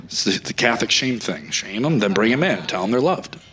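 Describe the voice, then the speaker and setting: A man doing a stand-up comedy set on a club stage, ranting loudly with lots of animation. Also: fairly low pitch, animated, fairly quick, background noise.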